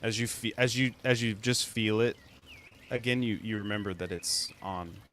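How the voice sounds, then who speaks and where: A man narrating as game master in a slow, descriptive, measured way. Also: on the low side, fairly even intonation, a bit bright, slight background noise.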